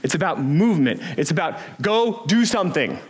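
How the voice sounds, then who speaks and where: A man's voice: on the high side, very animated, normal speed, slightly rough. A man preaching a sermon as pastor, earnest and emphatic, with rhetorical questions.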